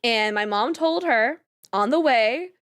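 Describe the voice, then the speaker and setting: Young woman, high animated voice, rambling casual storytelling, dry close sound. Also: unhurried, clean tone, no echo. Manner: rambling, animated, lots of "like" fillers, laughs while telling. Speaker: game streamer.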